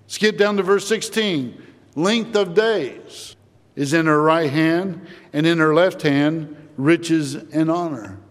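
A male preacher delivers a sermon at an unhurried, deliberate pace, his fairly high voice climbing on emphatic lines. He quotes scripture as he goes. The sound carries a long reverb from the church sanctuary.

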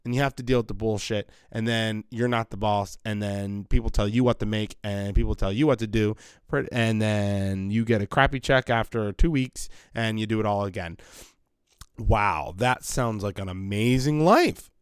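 A man's voice: lowish voice, moderate pace, smooth, no room sound, clean studio sound. A man hosting a podcast from his basement, rambling bluntly and swearing in a casual monologue. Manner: rambling, blunt, profane, animated. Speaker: podcast host. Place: home basement.

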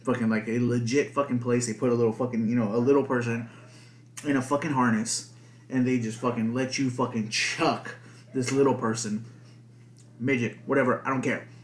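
A man's voice: medium pitch, little pitch movement, brisk. A young man hosting a podcast alone, rambling casually with lots of swearing and filler words. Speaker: podcast host. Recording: echoey room.

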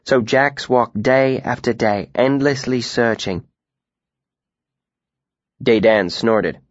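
A man reading a first-person audiobook in a measured, expressive storytelling manner. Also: mid-range voice, dry recording. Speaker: audiobook narrator. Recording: dry, slightly muffled studio recording.

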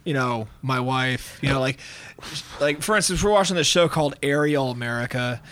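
A man's voice: medium pitch, moderate pace, fairly bright tone. A married man co-hosting a podcast, telling stories in an enthusiastic, casual, profane way. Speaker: podcast co-host. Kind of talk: casual chat.

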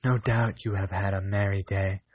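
A man voicing a small, good-natured, curious mouse in a storybook reading, speaking in a raised, excited, questioning voice. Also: deep voice, normal speed, no room sound.

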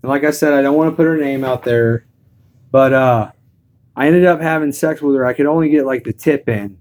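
A man's voice: mid-range voice, a little fast, darkish tone. A man telling crude comic stories as a podcast co-host, rambling and profane.

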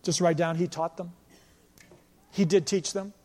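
A male pastor preaching a sermon with passion, moving between loud emphatic lines and quiet storytelling. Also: sits high, steady tone, unhurried. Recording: long hall reverb.

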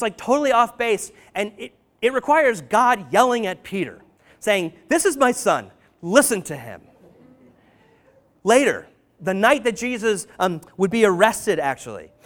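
A man preaching a casual sermon, retelling stories conversationally with many "um"s, "like"s and "right?"s. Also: high-pitched. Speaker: pastor.

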